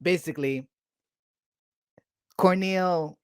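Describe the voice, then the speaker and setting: Low-voiced rambling woman. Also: takes it slowly, dry recording, clean studio sound. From United States. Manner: rambling, filler-heavy, swears freely. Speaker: podcast co-host. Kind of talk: casual chat.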